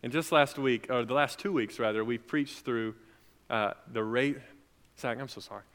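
A young adult man preaching a sermon as pastor, swinging between loud, emphatic lines and soft, quiet ones. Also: mid-range voice, moderate pace, clear, resonant tone. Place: church sanctuary. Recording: long reverb of a large hall.

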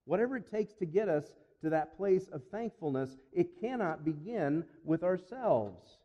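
A man preaching a sermon in an earnest, emphatic way, repeating phrases and slowing down for weight. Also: on the high side, sing-song. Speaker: pastor. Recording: dull sound with long reverb.

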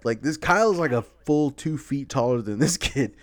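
A man's voice: mid-range voice, lively intonation, moderate pace, no room sound. Young guy podcast host, rambling stories, laughs a lot, cusses, dry close sound. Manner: rambling storyteller, laughs often, swears freely. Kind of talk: casual chat.

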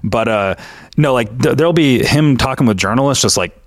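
A man co-hosting a podcast, talking in a relaxed way with lots of fillers during a casual discussion. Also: medium pitch, a little fast, dry recording, studio quality. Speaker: podcast co-host.

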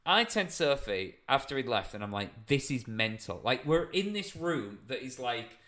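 A man's voice: mid-range voice, big pitch swings, moderate pace, fairly bright tone. A young man on a podcast tells a comic story in a casual way, with lots of fillers and swearing.

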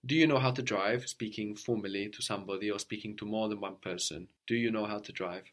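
A man teaching a language lesson, patiently modeling phrases slowly and coaxing his student. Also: fairly low pitch, steady tone.

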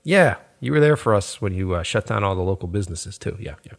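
A man in his forties rants sarcastically in a casual podcast chat, swearing freely. His pitch swings widely as he talks. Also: expressive, fast talker, gravelly. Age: 40s. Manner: profane, ranting, sarcastic. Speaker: podcast co-host.

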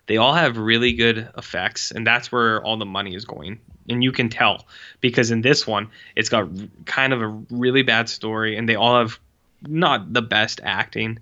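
A man talks in a rambling, sarcastic, offhand way, full of "like", in casual podcast chat. His voice sounds bright and forceful. The recording is dull and lo-fi. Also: lowish voice, steady tone, normal speed. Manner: rambling, sarcastic, heavy use of "like". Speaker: podcast co-host reviewing short films.

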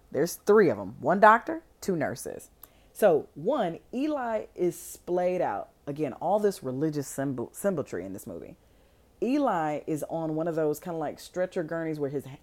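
Woman, movie recap, lively pitch, low-ish voice, slangy comic asides. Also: moderate pace. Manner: animated, slangy and comedic, voicing characters in asides. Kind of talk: casual movie recap with acted quotes.

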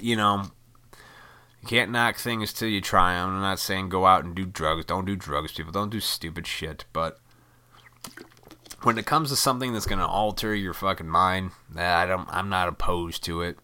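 Low, bright-voiced man telling a rambling story. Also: clean tone. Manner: rambling, profane, laughs at his own story. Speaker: musician telling a personal story. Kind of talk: casual storytelling to camera.

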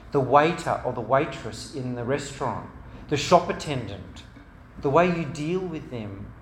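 A man's voice: mid-range voice, slight background noise. A man giving an earnest church talk to parents, telling stories and piling up examples in long lists. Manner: earnest, storytelling, repetitive lists. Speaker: speaker at a parents' meeting. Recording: roomy hall with faint ambience.

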